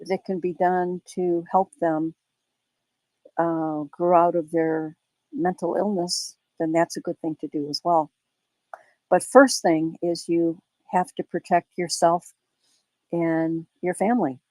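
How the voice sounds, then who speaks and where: A woman hosting a live audio space, talking in a rambling, thoughtful way with many pauses and fillers. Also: on the low side, mellow, no room sound. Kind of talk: casual chat.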